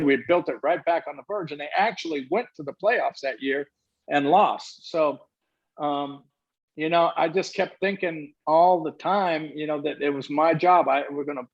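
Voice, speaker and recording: A man's voice: fairly high pitch, husky. An older man, a former baseball manager, telling stories in an interview and acting out the dialogue. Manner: animated storyteller acting out dialogue. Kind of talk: storytelling interview answers. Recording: muffled lo-fi audio.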